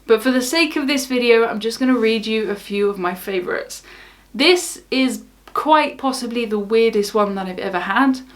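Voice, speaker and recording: A young woman from the south of England speaks in a casual, wry vlog style, shrugging off criticism. Her southern English accent is clear, and her voice sits slightly high. She sounds unbothered and easygoing. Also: normal speed. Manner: wry, unbothered, laughs things off. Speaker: cruise vlogger. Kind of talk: casual talk to camera.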